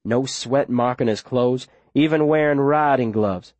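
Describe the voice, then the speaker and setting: A man's voice: medium pitch, unhurried, no echo. Man narrating an urgent audiobook, dry. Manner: urgent, tense storytelling with sudden shouted lines. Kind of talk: first-person audiobook narration.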